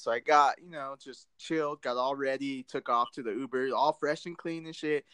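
A man's voice: fairly high pitch, moderate pace, fairly bright tone, smooth, dry recording. A man co-hosting a podcast, telling casual stories full of swearing and "dude". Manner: profane, laid-back storytelling with lots of "dude". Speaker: podcast co-host.

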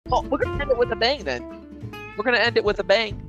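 A man's voice: very high-pitched, expressive, fast talker, lo-fi sound, over music. A man co-hosting a casual podcast, rambling and self-mocking as he leads a brain teaser. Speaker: podcast co-host.

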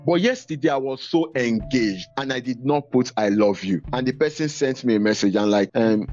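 A man who teaches speaks as an interview guest, measured and reflective, pushing key words up in pitch. His voice sits in an ordinary middle register. The audio is dull and lo-fi, with soft music underneath. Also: animated. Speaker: teacher and podcaster. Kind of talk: interview guest, earnest storytelling.

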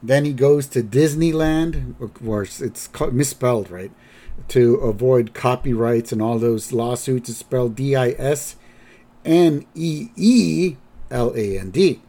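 A man's voice: medium pitch, unhurried, dark tone. A man hosting a podcast, casually recapping a cartoon episode with lots of fillers. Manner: rambling, filler-heavy. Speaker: podcast host.

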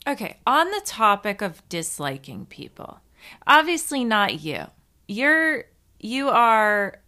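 A woman's voice: medium pitch, bright, forceful tone. A woman hosting a podcast on her own, chatting casually in a rambling, self-mocking way with some swearing. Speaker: podcast host. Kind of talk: casual solo podcast chat.

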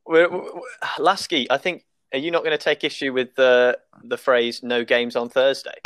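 A man's voice: medium pitch, little pitch movement, normal speed, a bit bright, clean tone, dry recording. A man hosting a podcast, upbeat and teasing in casual chat. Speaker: podcast host.

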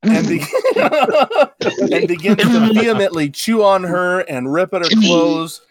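A man's voice: high voice, unhurried, poor audio. A man narrating as game master of a tabletop game, rambling with many restarts.

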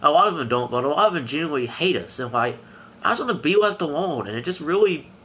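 A young man with a high voice, from the Southern mountains, speaking through tears. He rambles and halts, circling back on the same words as he pours out his feelings. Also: expressive, sharp tone, breathy edge. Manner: rambling, halting, repeating himself. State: crying. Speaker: interviewee. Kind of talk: emotional personal testimony.

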